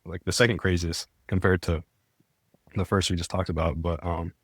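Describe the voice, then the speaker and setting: A young man appears as a podcast guest, telling his story casually and earnestly, packed with "like" and restarts. His low, husky voice is fairly bright with little pitch movement and normal speed, captured in a dry, clean studio recording.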